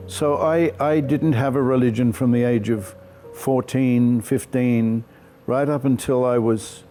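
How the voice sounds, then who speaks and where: An older man, an actor telling stories from his life in an interview with clear, projected speech and frequent self-deprecating laughter. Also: mid-range voice, fairly even intonation, unhurried, mellow, faint music behind. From Australia. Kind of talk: reflective storytelling interview.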